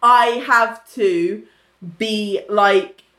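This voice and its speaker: A woman's voice: medium pitch, fairly even intonation, extremely slow, a bit bright. A woman in casual conversation, hesitating and restarting often as she gives blunt opinions. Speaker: podcast co-host. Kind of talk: casual chat. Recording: roomy echo.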